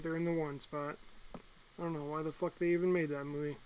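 A young man with a slightly high voice ranks movies in an easygoing vlog. He talks bluntly and excitably, jumping from loud bursts to low mutters. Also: normal speed, slight background noise, poor audio. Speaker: movie reviewer. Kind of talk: casual movie ranking vlog.

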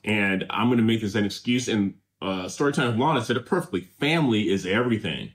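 A man's voice: on the low side, animated, fast. A middle-aged man from Southern California, co-hosting a casual reaction show and reading viewer comments aloud in an easygoing, rambling way.

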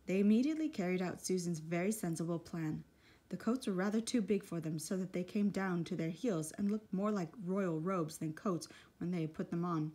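Woman storybook narrator, husky tone, steady measured read. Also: fairly low pitch. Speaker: audiobook reader.

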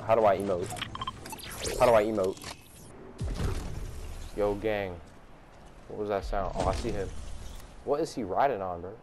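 A young man giving slangy, excitable gameplay commentary, trash-talking opponents as he plays. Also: on the low side, normal speed, long pauses. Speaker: gaming YouTuber. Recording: noisy game audio behind. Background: game sounds.

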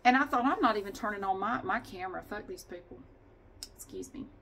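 A woman's voice: mid-range voice, animated, quick pace, a bit bright, slight background noise. A woman vlogging at home in a casual, chatty monologue, ranting with sighs and swearing.

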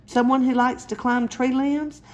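A woman voicing an excitable little boy, high and bouncy. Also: a little slow. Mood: eager.

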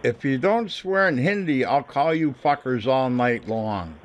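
Lively, mocking prank caller man. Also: medium pitch, a little slow, a little hiss or hum. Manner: taunting, profane, mocking. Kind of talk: prank phone call.

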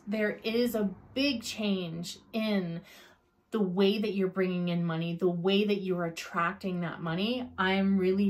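A woman tarot reader talking straight to her viewers, gushing with encouragement and dotting her speech with fillers as she walks through each card. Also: mid-range voice. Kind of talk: tarot card reading to camera.

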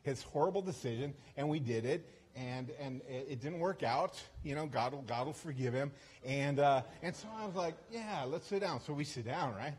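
A man with a slightly high, husky voice speaks as a guest preacher at a church service. He tells a story in a loose, conversational way, laughing at himself and often restarting his sentences. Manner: chatty, self-deprecating, with frequent restarts and asides. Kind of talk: storytelling sermon.

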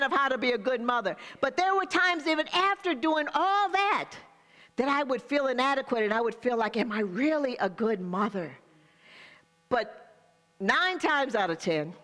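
A woman's voice: fairly high pitch, fairly bright tone, big-room sound. An older woman pastor preaching a sermon, speaking straight to the congregation with call-and-response asides.

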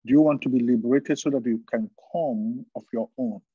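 A man preaching a sermon as pastor, fervent, with repeated phrases and emphatic pauses. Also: mid-range voice, breathy edge, no echo, phone-quality sound.

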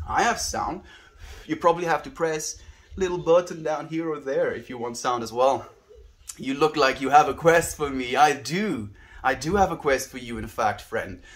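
South African male streamer, young adult, earnest musing tone, mid-pitched, reads chat aloud. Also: a bit bright. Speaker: livestreamer. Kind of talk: casual livestream chat.

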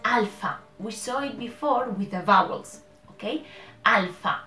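A Spanish-accented woman who speaks Spanish natively talks slowly through a casual language-learning vlog. Her voice sits a little high, and it rings in a roomy space with faint music underneath. She stops to correct herself and checks in often with "okay?". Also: bright, forceful tone.

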